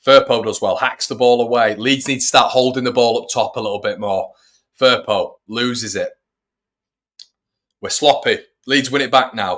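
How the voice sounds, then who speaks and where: Hosting a fan channel's football watch-along, this man gives chatty live commentary and talks to his viewers, calling them "everybody". His voice is mid-range and a bit bright, at normal speed.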